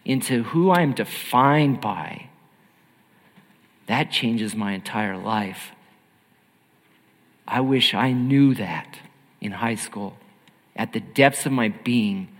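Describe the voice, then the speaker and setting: A man preaching a sermon in an earnest, emphatic way, swinging between loud and hushed. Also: mid-range voice, in a large hall.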